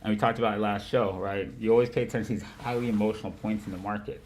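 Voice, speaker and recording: A man hosting a casual livestream about markets, with a nasal voice, rambling, swearing often and laughing loudly. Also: fairly low pitch, fairly even intonation, rapid-fire, a little hiss or hum. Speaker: livestream host of a market analysis show. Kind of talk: casual profane chat.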